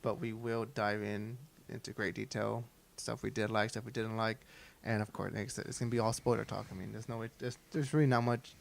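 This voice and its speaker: A man's voice: fairly low pitch, level tone, gravelly. A young man co-hosting a podcast, chatting loosely and laughing as he talks. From South Texas. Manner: laughing, loose and chatty, reads plugs off quickly. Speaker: podcast co-host. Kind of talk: casual chat.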